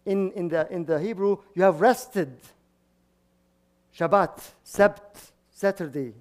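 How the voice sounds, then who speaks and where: High-voiced priest preaching, halting restarts. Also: male voice. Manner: frequent restarts and repeated words, chuckling asides. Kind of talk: sermon.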